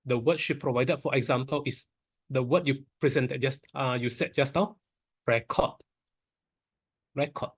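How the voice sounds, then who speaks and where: A man moderating an online Q&A session, reading out audience questions in a plain, steady way. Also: mid-range voice, moderate pace, breathy edge.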